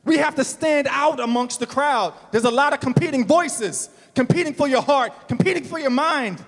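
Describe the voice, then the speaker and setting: A male pastor preaching a sermon, building to shouts and slowing down for emphasis. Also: very high voice, creaky, in a large hall.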